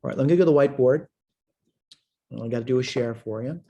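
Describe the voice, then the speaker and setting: A man's voice: mid-range voice, fast talker, dark tone. A man teaching a math lesson, thinking aloud as he works problems step by step at a whiteboard. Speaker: math instructor. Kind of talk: recorded math lesson walkthrough. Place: at a whiteboard, screen sharing.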